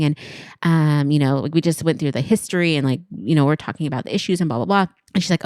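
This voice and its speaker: A woman in her thirties tells a story on her podcast, acting out the lines of the people in it. Her voice sits low, but her pitch swings widely. The sound is dry and close. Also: expressive, fast, darkish tone, dry recording. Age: 30s. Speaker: podcast co-host. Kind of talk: casual chat. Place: podcast studio.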